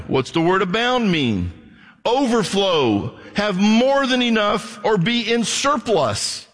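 High-voiced man preaching in an echoing hall. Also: very animated, slow pace, fairly bright tone. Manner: conversational preaching, acting out dialogue. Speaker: pastor. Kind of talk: sermon.

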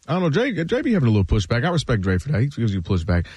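Man, sports radio co-host, lively swinging pitch, slangy banter, dry sound. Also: very fast, slightly rough, dry recording. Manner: animated, laughing, slangy banter. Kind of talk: sports talk radio debate.

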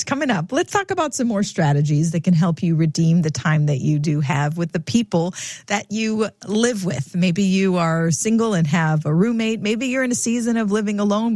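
A woman's voice: medium pitch, darkish tone, no room sound. A woman hosting a radio interview, asking conversational questions that search for the right words. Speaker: radio host.

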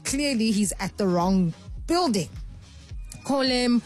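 Radio host, woman, slightly high-pitched, animated storyteller, faint music bed. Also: slow pace, long pauses. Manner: animated storyteller, acts out voices. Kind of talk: call-in radio chat.

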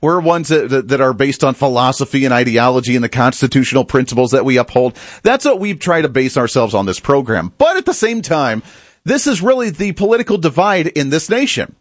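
A man's voice: medium pitch, animated, a little fast, no echo. Chatty male talk show host, dry sound. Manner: chatty, mocking, laughs at clips. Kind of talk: casual conservative commentary.

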